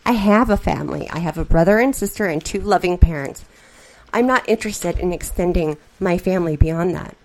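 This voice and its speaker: A woman's voice: on the low side, a little fast, lightly acted. A woman reading a stern, terse young businessman. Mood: stern, curious. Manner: terse and quiet, clipped replies. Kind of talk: reading a story aloud.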